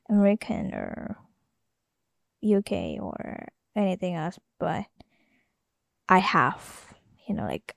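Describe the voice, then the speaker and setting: A woman's voice: medium pitch, vocal fry, no echo, studio quality. A young woman from Indonesia, talking in a rambling, casual solo podcast monologue full of fillers and self-corrections. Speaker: podcast host.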